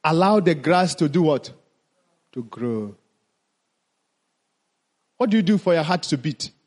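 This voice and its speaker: A man with a high, husky voice leads a teaching talk, calling out questions and then answering them himself. His pitch swings widely, and he stretches out the words he wants to stress. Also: animated, unhurried, darkish tone. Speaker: mindfulness teacher.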